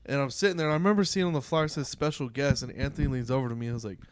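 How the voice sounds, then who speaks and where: A man co-hosting a podcast, telling an excited, profane story in casual chat. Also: mid-range voice, racing, smooth, no room sound, studio quality. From California. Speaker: podcast co-host.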